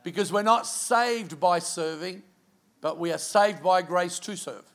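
A middle-aged Australian pastor preaches, relating a personal story animatedly and slipping in quiet asides. His voice is high and his delivery unhurried.

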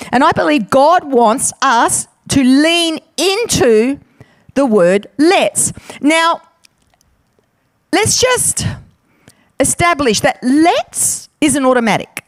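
Lively, high-voiced woman preacher. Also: no room sound. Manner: playful, chatty, jokes with the congregation. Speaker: guest preacher. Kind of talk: sermon.

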